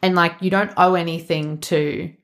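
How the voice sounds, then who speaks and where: A woman talks casually as a podcast co-host. Her voice sits fairly low for a woman. She is chatty and emphatic, with lots of "like" fillers. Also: fairly even intonation, moderate pace, a bit bright. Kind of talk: casual chat.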